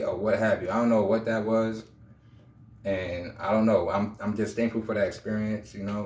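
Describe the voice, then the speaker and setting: A man's voice: fairly low pitch, a little mellow. A man in his thirties telling a personal story in a casual, rambling vlog, repeating himself and using street slang. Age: 30s. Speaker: vlogger. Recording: roomy echo.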